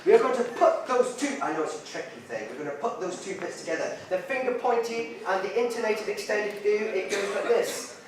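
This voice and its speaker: A man presenting a playful science show to a theatre audience, leading call-and-response with sudden loud shouts. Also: sits high, expressive, a little fast, hardly any pauses. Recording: echoey hall from far off, loud crowd noise.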